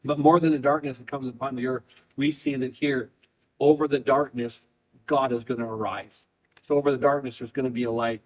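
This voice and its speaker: A man's voice: medium pitch, steady tone, a little mellow, rough recording. Guy preaching a sermon, leans hard on his words, keeps repeating himself. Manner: emphatic preaching, speeding up and slowing down, repeating phrases. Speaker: pastor.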